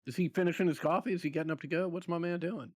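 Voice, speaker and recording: A man's voice: on the high side, steady tone, rapid-fire, a little mellow, no echo, clean studio sound. A man playing a tabletop role-playing game, easygoing, asking questions about the scene. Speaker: player. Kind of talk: casual tabletop play.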